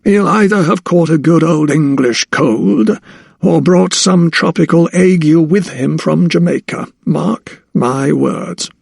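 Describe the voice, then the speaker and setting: A man reading aloud, voicing a crotchety old anatomist who speaks slowly and disapprovingly. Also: fairly high pitch, vocal fry, darkish tone, slightly rough, no echo, clean studio sound, pitched above the performer's own voice, exaggerated voice. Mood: grumbling.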